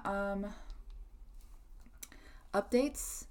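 A young adult woman with a medium-pitched voice hosts her own podcast at a moderate pace. It's a casual solo chat, rambling and full of filler words.

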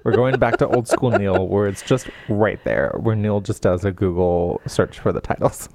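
A man with a husky voice co-hosting a podcast, trading jokes and reading romance passages aloud in a low sultry tone. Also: normal speed, a little mellow. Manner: reads erotic passages in a low sultry voice, then jokes with laughs. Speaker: podcast co-host.

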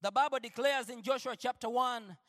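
A male preacher giving an impassioned sermon, shifting between quiet lines and shouted declarations. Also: extremely high pitch, a little fast, long reverb tail.

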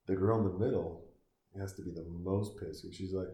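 A man's voice: sits low, flat delivery, a little fast, dark tone. A man giving crude, sarcastic comedic commentary while watching a film, swearing and mocking what he sees. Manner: profane, sarcastic, mocking asides to the screen. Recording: echoey room.

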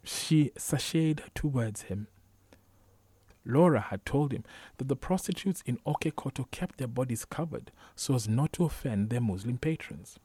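A man reading a novel aloud as a narrator, measured and unhurried, sometimes dropping to a whisper. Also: medium pitch, lively intonation, mellow, slightly rough, dry recording. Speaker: audiobook narrator. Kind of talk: scripted narration.

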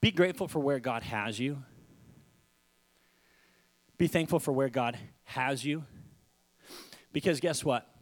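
A young man preaching a sermon, acting out stories with sudden shouts and repeated words. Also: medium pitch, measured pace, long pauses. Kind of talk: animated sermon storytelling.

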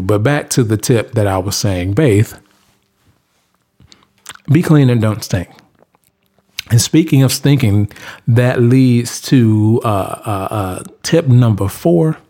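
A man's voice: mid-range voice, a little mellow. Blunt man lecturing with emphatic repeats. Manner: blunt, preachy, emphatic repetition. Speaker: vlogger giving tips. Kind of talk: casual monologue to camera.

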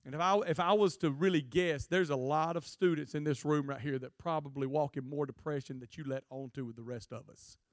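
A man preaching a jokey, animated youth sermon to a live student audience. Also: a little high, brisk, hardly any pauses, no room sound, studio quality. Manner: jokey, animated, acts out quotes in funny voices. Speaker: guest preacher.

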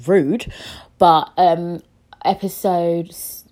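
A woman's voice: lowish voice, slow pace, mellow. A young woman talks through her solo podcast in a loose, chatty way. She rambles with lots of fillers, swears freely, and mocks herself with a cheeky, emotional edge. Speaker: podcast host. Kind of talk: casual solo podcast chat.

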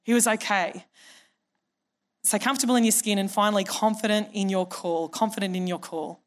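A woman's voice: medium pitch, steady tone, fairly quick. A middle-aged woman pastor, preaching a conversational, humorous sermon and acting out the people in her stories. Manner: conversational and humorous, acts out quoted voices.

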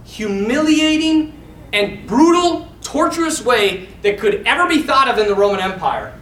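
A man, a priest telling a story in a lively, animated way during a sermon. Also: very high-pitched. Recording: echoey hall, mic far off, faint noise.

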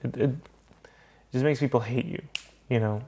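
A man's voice: medium pitch, steady tone, moderate pace, mellow, slight background noise. A young man hosts a casual podcast chat. He tells his story in a heated, profane way, swearing freely as he goes. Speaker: podcast host.

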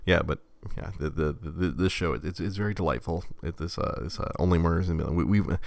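A man's voice: low-pitched, fast, vocal fry, a little mellow, no echo. A young man co-hosting a podcast in casual chat, rambling with many restarts and fillers. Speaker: podcast co-host.

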